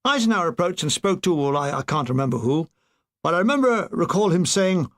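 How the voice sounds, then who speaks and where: A man's voice: on the high side, brisk. Man reading a wry war memoir. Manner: wry, expressive storytelling. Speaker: audiobook reader.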